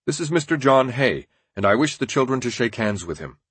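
A big, stern father speaks with measured earnestness, as a male reader gives him voice. His voice is husky and dry, set close in a dead quiet studio sound with no room around it. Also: mid-range voice, very animated, dry recording. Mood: formal. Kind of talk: audiobook narration.

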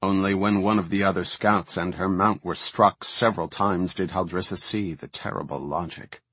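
A man reading a fantasy novel aloud as an audiobook narrator, in a measured, even storytelling manner. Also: low voice, breathy edge, no room sound.

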